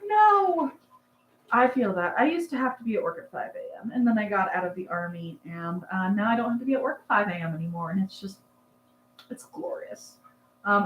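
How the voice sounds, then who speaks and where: A young woman who breeds rabbits hosts a casual livestream from a dark barn at night, chatting and answering comments in a rambling way full of fillers. Her mid-range voice is fairly bright, and the recording is rough with a roomy sound.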